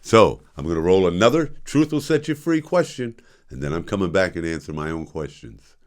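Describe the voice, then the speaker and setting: An older man hosts his own show, spinning stories casually in a deep, very animated voice at a brisk pace. He laughs often and acts out the voices of the people in his tales, giving it the feel of a relaxed storytelling monologue.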